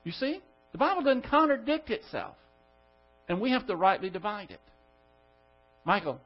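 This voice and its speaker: Male Bible teacher, high voice, emphatic, quizzing the class; dull lo-fi recording. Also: sing-song, normal speed, soft background music. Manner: emphatic, rhetorical questions to the class. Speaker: pastor.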